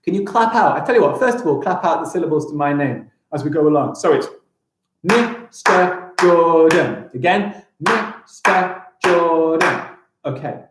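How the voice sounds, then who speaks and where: A young English man teaching a live-streamed primary school lesson, upbeat and encouraging, sounding out words slowly. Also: fairly high pitch, expressive, roomy sound, very noisy.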